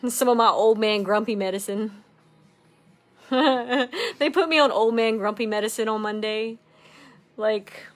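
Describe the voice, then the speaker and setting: A woman co-hosting a craft livestream, chatting casually, laughing often and reading viewer comments aloud. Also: medium pitch. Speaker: craft channel co-host.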